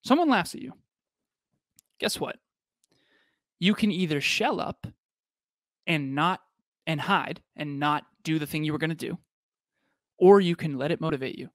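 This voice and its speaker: Male podcast host preaching motivational points, repetitive and emphatic, slightly high voice. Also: measured pace, pauses often, fairly bright tone, no room sound, studio quality. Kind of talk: motivational talk on a live podcast.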